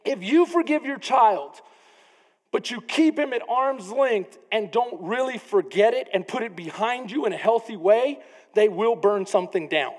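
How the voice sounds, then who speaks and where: A man preaching a sermon as pastor, animated, often acting out the people in his story. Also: high-pitched, normal speed. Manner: animated preaching, acts out quoted voices. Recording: long reverb of a church hall.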